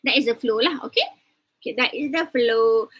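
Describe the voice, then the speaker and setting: A woman's voice: a little high, fairly quick, a bit bright, breathy edge, no echo, low-quality recording. A woman from Kelantan with a Malaysian English accent, briefing her class online in a chatty, teasing way and switching between English and Malay. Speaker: university lecturer.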